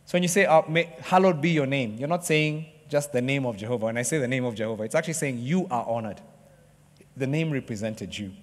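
A man preaching a sermon to a church congregation, joking with the crowd and acting out excited sports fans. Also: mid-range voice. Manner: lively, jokes with the congregation, acts out excited fans. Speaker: pastor. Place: church hall. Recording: long hall reverb.

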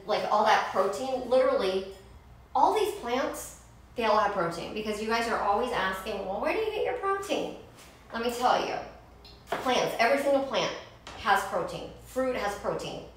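A woman's voice: mid-range voice, animated, moderate pace, a bit bright, heavy reverb, distant mic, low-quality recording. A woman hosting a casual home cooking show, chatting and snacking in her kitchen as she preps food. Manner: chatty, eats while talking, laughs easily.

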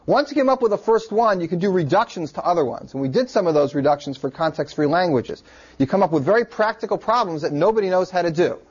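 A man teaching a computer science class in a relaxed, joking way. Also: sits high, fast talker, breathy edge. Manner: relaxed and joking, with filler words. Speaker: lecturer. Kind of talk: classroom lecture. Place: lecture room. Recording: dull lo-fi classroom recording.

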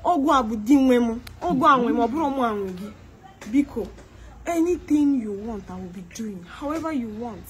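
A woman's voice: fairly high pitch, expressive, moderate pace. A young woman with a Nigerian Igbo-inflected accent, performing a comedic skit monologue. She begs and pleads, repeats herself, and slips between English and Igbo.

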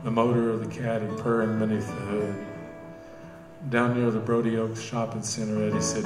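A man reading his own novel aloud in steady, measured narration at a live bookstore cafe event. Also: lowish voice. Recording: roomy cafe with live guitar.

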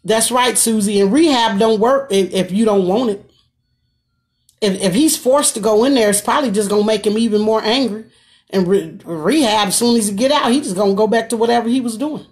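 A woman's voice: on the high side, fairly quick, darkish tone. A woman hosting a casual live stream from her phone, reading out viewer comments and answering them in a folksy, chatty way. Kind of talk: casual chat.

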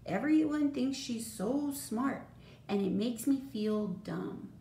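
A woman's voice: a little high, expressive, slow, creaky, warm tone, exaggerated voice. A woman voicing a young boy in a storybook, a sulky twin brother who mumbles. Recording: roomy echo, faint noise.

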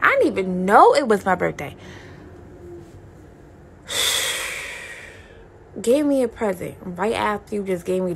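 Gravelly-voiced woman telling a chatty story. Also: fairly low pitch, a little hiss or hum. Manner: animated, chatty, addresses viewers directly. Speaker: vlogger. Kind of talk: casual storytelling.

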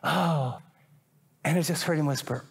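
An older man preaching a sermon as a pastor, animated and acting out little dialogues. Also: fairly high pitch, unhurried, gravelly. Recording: long reverb of a large hall.

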